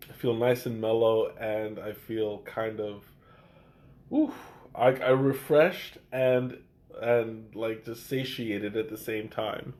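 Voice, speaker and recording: A man's voice: on the low side, fairly even intonation, takes it slowly, a little mellow. A man chatting casually on a live stream, tasting tea, with a congested voice and a hesitant delivery full of fillers and restarts. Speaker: livestream tea taster.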